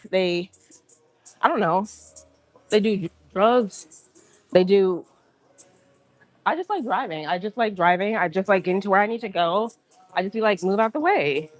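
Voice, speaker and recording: A woman's voice: medium pitch, normal speed, long pauses, faint music behind. Indignant woman ranting on a livestream. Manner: indignant, animated, acts out quotes. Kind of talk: casual storytelling rant.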